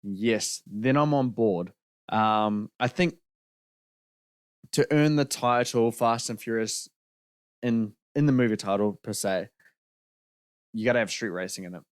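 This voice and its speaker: A young man with a lowish voice co-hosting a casual film podcast. He states his views firmly and laughs easily. The sound is close and dry, with no room echo. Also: a little slow, long pauses, clean tone. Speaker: podcast co-host.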